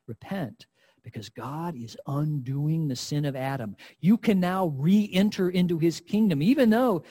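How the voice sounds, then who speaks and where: An earnest male preacher delivers a sermon and speaks straight to his listeners. His voice is husky and sits a little high for a man, and he stresses his points with emphasis. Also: warm tone.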